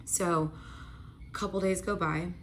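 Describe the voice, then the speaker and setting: A woman's voice: on the low side, steady tone, unhurried, a little hiss or hum. A young woman telling a personal story in a casual, chatty way, full of "like" fillers and acted-out dialogue. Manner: chatty, frequent "like" fillers, acts out quoted dialogue.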